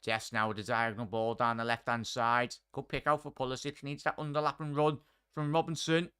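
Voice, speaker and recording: A man's voice: medium pitch, flat delivery, fairly quick, bright, forceful tone, clean tone. A man hosting a live football watchalong, chatting with viewers as he calls the play. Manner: chatty, addresses chat and viewers by name. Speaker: watchalong host.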